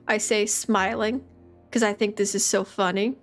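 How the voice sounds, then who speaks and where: A woman's voice: mid-range voice, steady tone, normal speed, soft background music. A woman streamer giving playful, joking commentary while playing a game. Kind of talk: let's play commentary.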